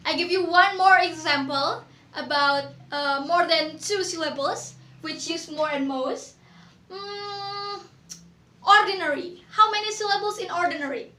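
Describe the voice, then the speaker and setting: High-pitched young woman teaching a class. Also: sharp tone, roomy sound, slight background noise. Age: young adult. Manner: teacherly, asks the class questions and repeats words slowly. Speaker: English teacher. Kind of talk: classroom grammar lesson.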